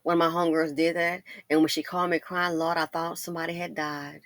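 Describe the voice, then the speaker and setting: A woman's voice: low-pitched, flat delivery, fast, no room sound. A middle-aged woman, telling stories in a casual commentary monologue, laughing and addressing the ladies directly. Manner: laughs and breaks into loud exclamations. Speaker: commentary channel host.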